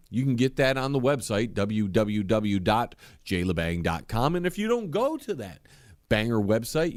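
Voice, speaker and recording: A middle-aged man hosting a comedy call-in radio show in a brisk, wry manner. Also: medium pitch, dry recording.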